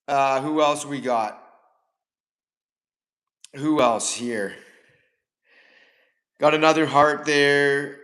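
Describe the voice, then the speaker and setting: A man's voice: fairly high pitch, drawn-out words, pauses often, fairly bright tone. A man hosting a casual livestream from his home kitchen, rambling chattily and talking to his pets along the way. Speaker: livestream host.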